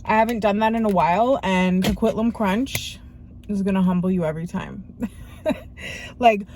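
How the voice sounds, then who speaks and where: A woman's voice: mid-range voice, moderate pace, a little mellow, a little hiss or hum. A young woman vlogger chatting casually to her viewers in slangy, filler-heavy talk. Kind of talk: casual vlog chat.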